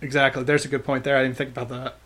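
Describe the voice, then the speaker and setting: A man's voice: mid-range voice, flat delivery, rapid-fire, a bit bright. A man hosting a casual chat about a cartoon episode, who laughs often and acts out the characters' lines. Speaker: podcast host.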